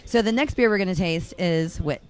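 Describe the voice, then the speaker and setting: A woman's voice: lowish voice, fairly quick. A playful radio host, giggling and joking her way through a casual on-location chat. She keeps things light and teasing with her guest.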